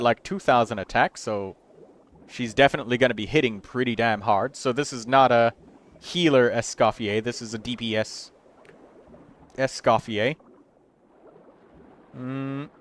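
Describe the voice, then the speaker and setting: A man's voice: medium pitch, fairly bright tone. A man hosting a game livestream, reviewing viewers' characters in casual, chatty commentary and thinking aloud as he counts numbers.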